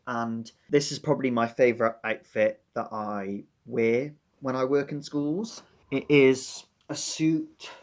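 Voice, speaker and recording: A Welsh man, a teacher, chatting casually and wryly to camera with a slightly dramatic touch. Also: medium pitch. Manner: chatty, wry, a bit dramatic. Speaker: teacher and book vlogger. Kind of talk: casual chat.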